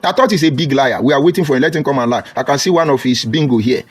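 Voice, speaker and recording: A man with a Nigerian accent races through a combative, mocking political monologue on a live stream in a medium-pitched voice. He greets viewers by name and rises to loud outbursts.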